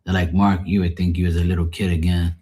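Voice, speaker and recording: A man with a very low, husky voice talks casually on his livestream. He rambles through everyday stories, swearing freely and livening up when he quotes other people. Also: fast. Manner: profane, rambling, animated when quoting others. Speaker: livestream host. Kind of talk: casual storytelling chat.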